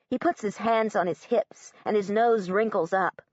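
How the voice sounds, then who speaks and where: A woman's voice: on the low side, moderate pace, few pauses, darkish tone, no echo. A woman narrating an audiobook in the first person as a young girl, in a literal, matter-of-fact way. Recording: dull, dry audiobook recording.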